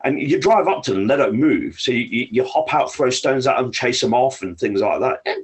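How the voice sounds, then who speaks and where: A man's voice: mid-range voice, fairly quick, husky. An English man, a guest on a podcast, telling hunting stories in casual talk, swearing freely as he goes. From United Kingdom. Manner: swears freely, lively anecdotes. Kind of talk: casual storytelling.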